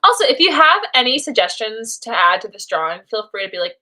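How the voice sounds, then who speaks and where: Young woman, high-pitched, bright, animated, playful, live drawing stream chat. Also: a little fast. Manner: playful, talks to herself while drawing.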